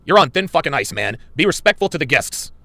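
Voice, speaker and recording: A man with a gravelly, bright voice talks bluntly in casual podcast banter, his pitch swinging widely as he repeats his points. The clip audio is dry and close. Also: big pitch swings, quick pace, dry recording. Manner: blunt, emphatic, repetitive.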